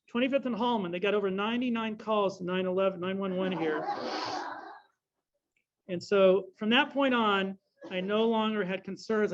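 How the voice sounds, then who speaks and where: Middle-aged male speaker, rambling storyteller, gravelly, slightly muffled recording. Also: high-pitched. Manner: rambling storyteller, self-correcting. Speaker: guest speaker. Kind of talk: anecdotal talk with Q&A. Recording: dull lo-fi recording.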